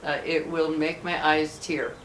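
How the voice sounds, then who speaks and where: Earnest halting woman in an echoey room. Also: low-pitched, level tone. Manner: halting, with many restarts and soft earnest asides. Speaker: vlogger speaking to viewers. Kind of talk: heartfelt personal talk to camera. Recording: echoey room with faint background hum.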